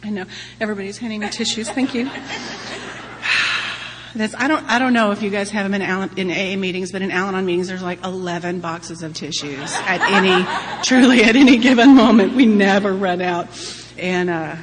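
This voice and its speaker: Speaking at a moderate pace, this woman in her forties has a medium-pitched, fairly bright voice and a steady tone. She gives the recovery meeting a frank, funny personal account, laughing frequently. A faint hum and long hall reverb are audible.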